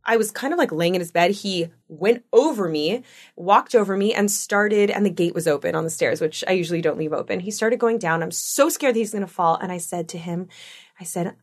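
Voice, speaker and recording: Woman, 30s, podcast co-host, casual chat, animated storyteller. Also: on the low side. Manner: animated storytelling, quick asides.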